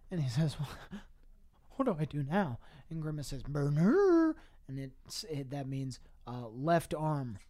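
A man's voice: medium pitch, a little mellow. A young man co-hosting a podcast, improvising an absurd, profane comic story with rambling restarts and laughing asides. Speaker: podcast co-host.

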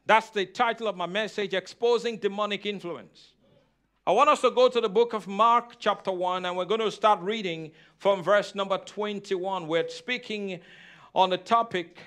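A man's voice: high voice, fairly bright tone, smooth. A man preaching a sermon as pastor, asking the congregation questions and repeating key phrases.

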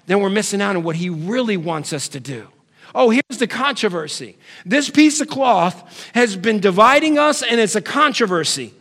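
A man with a high voice delivers a sermon, building to emphatic swells and then dropping low. He sounds middle-aged and speaks like a pastor reading scripture to his congregation. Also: animated, moderate pace, fairly bright tone.

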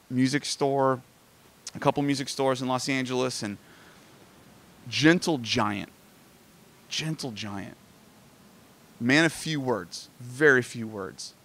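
A man preaching in a casual, conversational way, telling a family story with rising emotion. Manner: conversational, animated, rises in pitch when moved. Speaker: pastor. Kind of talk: sermon storytelling. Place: outdoors near sand.

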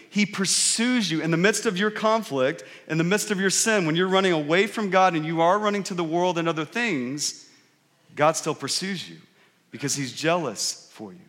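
A man's voice: fairly high pitch, expressive, moderate pace, a bit bright. A male pastor preaching a sermon in a conversational, earnest way, asking the congregation frequent rhetorical questions. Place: church sanctuary. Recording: reverberant hall.

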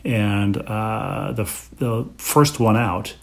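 Low-voiced wisecracking man co-host. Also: slow pace, vocal fry. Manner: dry, wisecracking quips. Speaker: podcast co-host. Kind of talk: casual chat.

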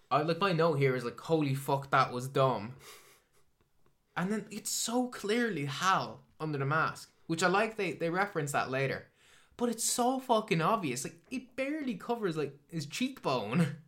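Bright-voiced man ranting. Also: fairly high pitch, sing-song, normal speed. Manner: swears a lot, ranting and exasperated. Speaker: podcast co-host. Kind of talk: casual film review chat.

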